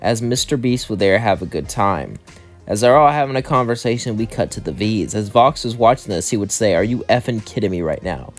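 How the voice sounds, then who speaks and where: A man's voice: on the low side, lively intonation, fairly quick, faint music behind. Man casually narrating a fan story. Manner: rambling, run-on storytelling.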